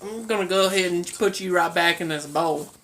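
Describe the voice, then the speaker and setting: A woman voicing a dopey, lecherous redneck man in a soft, laughing delivery. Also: fairly low pitch, a little fast, slight background noise, rough recording.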